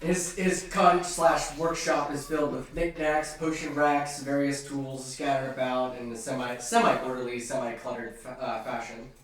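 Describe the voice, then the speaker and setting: A man's voice: mid-range voice, level tone, normal speed, few pauses, a bit bright, heavy reverb, far from the mic, poor audio. A man narrating as game master, hesitant and full of ums and restarts.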